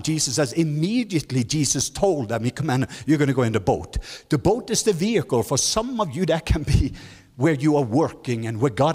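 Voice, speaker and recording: A man preaching a sermon as guest speaker, leading the congregation in call-and-response and climbing to high, emphatic lines, with non-native English phrasing. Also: darkish tone, breathy edge. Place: large church hall. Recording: church hall reverb.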